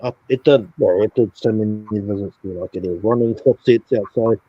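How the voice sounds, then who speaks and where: A man's voice: lowish voice, normal speed, breathy edge, dry recording. A man telling a sleep paralysis story on a casual stream, swearing a lot and acting out sounds and his own reactions. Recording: dull lo-fi stream audio.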